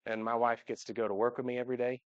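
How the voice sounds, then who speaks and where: Speaking very fast at medium pitch with little pitch movement, a man tells jokes and stories to his congregation from the church pulpit in a heartfelt personal talk, his voice jumping up for imitations. The sanctuary recording sounds dull.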